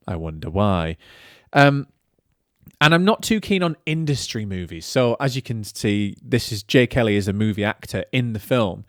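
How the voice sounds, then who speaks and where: A man's voice: mid-range voice, no room sound, studio quality. Chatty man reviewing films. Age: 30s. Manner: chatty and animated, with lively storytelling asides. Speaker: film podcast host. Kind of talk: solo podcast film review.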